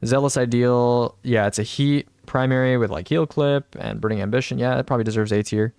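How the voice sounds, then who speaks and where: Smooth-voiced young man rambling through a tier list. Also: medium pitch, brisk, a little mellow, no room sound, studio quality. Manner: rambling, thinks aloud, reads chat replies. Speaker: streamer. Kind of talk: casual live-stream gaming commentary.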